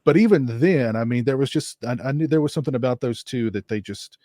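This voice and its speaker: A man's voice: mid-range voice, fast, warm tone, no room sound, clean studio sound. A young man chatting as a podcast guest, rambling with many restarts. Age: young adult. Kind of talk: casual chat.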